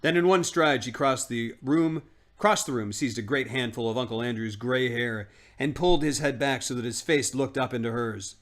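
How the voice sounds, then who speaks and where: Man, average pitch, reading a novel aloud, livestream narration, casual asides. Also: moderate pace, fairly bright tone.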